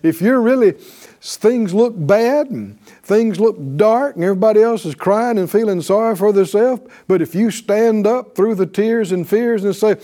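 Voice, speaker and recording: A man's voice: high-pitched, moderate pace. A man preaching a sermon, often asking "right?" and acting out voices of believers speaking faith. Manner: animated, calls for responses with "right?".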